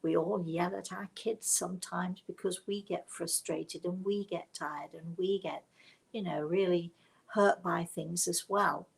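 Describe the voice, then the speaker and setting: An older woman with a British accent telling a story on a live show, in a hushed, dramatic way that often drops to a whisper. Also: lowish voice, steady tone, unhurried, creaky, slightly rough, rough recording. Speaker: spiritual medium.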